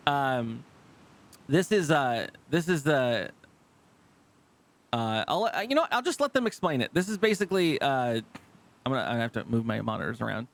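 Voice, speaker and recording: Mid-range in pitch with big swings, vocal fry, long pauses, and a fairly bright tone, this man talks at a moderate pace while streaming live. He rambles through casual gameplay commentary to his chat, restarting often, using lots of fillers, swearing freely, and laughing easily.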